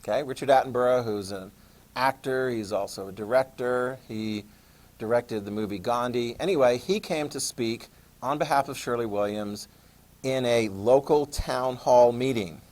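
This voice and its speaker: An American man speaking to a class in a relaxed, storytelling way. He asks his listeners questions and acts out parts of his anecdote with lively emphasis. His pitch sits in a middle range for a man. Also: moderate pace. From United States. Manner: anecdotal, talks to the class, animated retelling. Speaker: lecturer.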